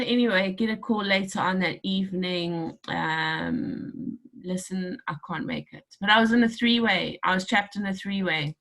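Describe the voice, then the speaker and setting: A woman's voice: medium pitch, measured pace, few pauses, fairly bright tone. A middle-aged woman hosting a podcast, chatting casually, laughing often and acting out bits of conversation. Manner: chatty, laughs often, acts out quoted dialogue. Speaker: podcast host. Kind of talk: casual chat.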